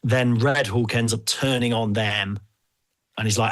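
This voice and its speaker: A man hosting a podcast, chatting casually in an animated, rambling, jokey way. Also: medium pitch, unhurried. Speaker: podcast host.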